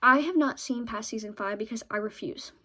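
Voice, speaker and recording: Young woman rambling fast about her fave shows, kinda high voice, keeps saying okay?. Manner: chatty, fast and excitable, ends points with "okay?". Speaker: vlogger. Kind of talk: casual chat about favorite shows and books.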